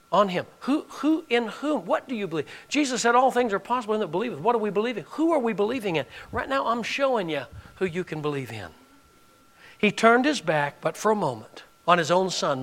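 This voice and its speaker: A man preaches to his congregation in a high, ringing voice. He leans into phrases for emphasis and keeps firing direct questions at his listeners. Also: a bit bright. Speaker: pastor. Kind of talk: sermon.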